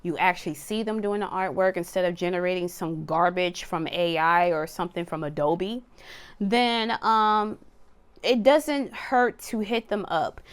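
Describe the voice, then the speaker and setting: A woman's voice: on the low side, fairly even intonation, unhurried, smooth. A woman giving a casual tarot reading, talking bluntly, swearing freely and laughing as she drifts off on tangents. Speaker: tarot card reader.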